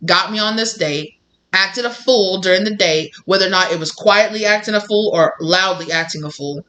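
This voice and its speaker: Tarot reader for a casual video reading: bright tone, mid-pitched, talks bluntly with plenty of swearing. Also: a little hiss or hum. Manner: blunt and profane, acts out quoted people.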